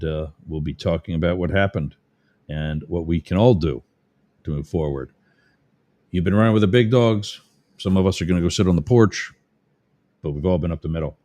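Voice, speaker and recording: Very low-voiced male host, easygoing and rambling, closing out the show. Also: brisk, long pauses, dark tone. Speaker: podcast host. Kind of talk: casual show sign-off.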